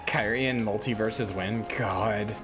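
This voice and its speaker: A man's voice: on the low side, steady tone, a little slow, music in the background. A man livestreaming a game, chatting casually with viewers, joking and swearing. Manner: swearing, joking banter with chat. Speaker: streamer. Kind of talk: casual game stream chat.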